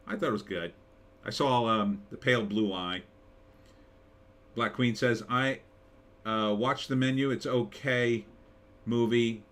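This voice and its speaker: A man's voice: on the low side, fairly bright tone. Rambling, chuckling male live stream host. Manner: rambling, chuckling, reads chat comments aloud. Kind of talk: casual live stream chat.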